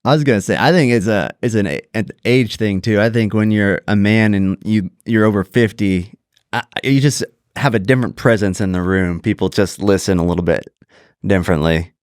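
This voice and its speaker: Teasing low-voiced male podcast host. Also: brisk, no echo, studio quality. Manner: teasing, laughing, joking. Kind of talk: casual podcast chat.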